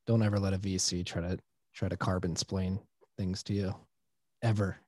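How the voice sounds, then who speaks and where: Low voiced guy on a podcast, fired up and opinionated, explaining stuff, very dry sound. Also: level tone, moderate pace, dark tone, no room sound. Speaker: podcast co-host. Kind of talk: casual conversational chat.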